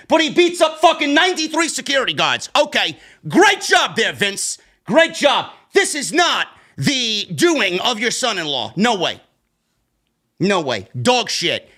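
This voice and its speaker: A man with a New York accent rants about a wrestling show, his high, sharply bright voice jumping all over the place. His review is profane and combative, laced with sarcastic jabs.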